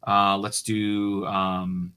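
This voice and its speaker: A man's voice: lowish voice, flat delivery, drawn-out words, pushed and bright, slight background noise. A man walking viewers through his code on a live coding stream, casual and hesitant, with frequent fillers and restarts.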